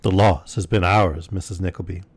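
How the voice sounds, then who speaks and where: A man voicing a pompous, smooth-talking gentleman who speaks in grand, flowery, theatrical flattery. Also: sits low, moderate pace, no room sound.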